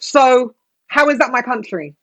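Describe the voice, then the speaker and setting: Impassioned woman, higher voice. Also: lively intonation, a little slow, fairly bright tone, slight background noise. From Britain. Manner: impassioned, talks herself onto a soapbox. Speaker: podcast co-host. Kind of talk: casual panel discussion.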